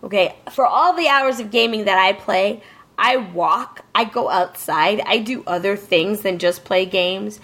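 A woman's voice: mid-range voice, unhurried, fairly bright tone. A woman co-hosting a casual chat, emphatic and ranting, swearing freely.

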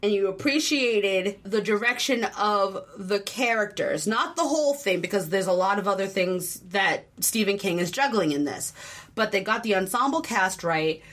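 A chatty woman talking through her thoughts in casual conversation, filling her sentences with little asides and hedging words. Her voice sits at an ordinary middle pitch, and she speaks loosely and animatedly, as if to a friend. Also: normal speed. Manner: rambling, filler-heavy, animated, acts out quotes. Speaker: podcast co-host reviewing a film. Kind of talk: casual chat.

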